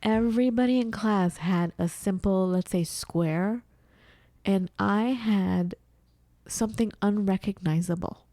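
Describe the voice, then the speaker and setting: A woman's voice: medium pitch, a little slow, dry recording. A woman co-hosting a podcast, chatting casually and acting out her own puzzled voice. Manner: animated, acts out her own confused voice. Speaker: podcast co-host. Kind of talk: casual chat. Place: at home.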